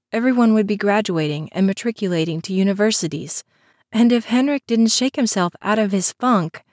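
Woman, storybook narration, even, dry close sound. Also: medium pitch, no echo. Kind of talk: scripted narration.

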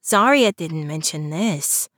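A woman's voice: sits low, lively intonation, slow pace, a bit bright, no echo, clean studio sound, pitched below the performer's own voice, exaggerated voice. A woman voicing an anxious young man who whines and speaks dryly. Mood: whiny. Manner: whiny, sarcastic.

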